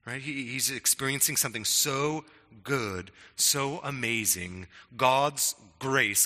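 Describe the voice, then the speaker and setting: A man's voice: mid-range voice, slow pace, bright, forceful tone, big-room sound. A middle-aged man preaching a sermon in a conversational way, often stammering on restarts and checking in with "right?". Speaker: pastor.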